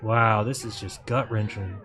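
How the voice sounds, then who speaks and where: A man's voice: fairly low pitch, steady tone, a little slow, fairly bright tone, faint music behind. Sarcastic man mocking a video clip. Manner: mocking, sarcastic, talks over clips and reads comments aloud. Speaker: livestream host. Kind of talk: sarcastic live commentary over a video.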